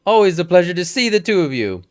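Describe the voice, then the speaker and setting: A man's voice: high-pitched, big pitch swings, quick pace, a little mellow. A man voicing a stern, formal male military commander with a stately, old-fashioned delivery, reading game dialogue aloud.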